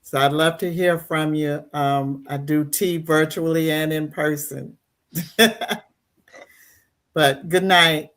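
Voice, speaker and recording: Woman, grief counselor, gentle, slow, flat even tone. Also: low voice. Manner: gentle and unhurried, with soft fillers. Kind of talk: casual sign-off on a call.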